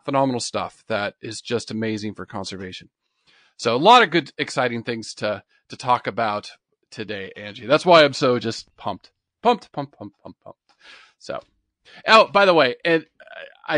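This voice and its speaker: Excited rambling male podcast host. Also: mid-range voice, dry recording, clean studio sound. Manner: excitable, rambling, many restarts. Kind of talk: casual chat.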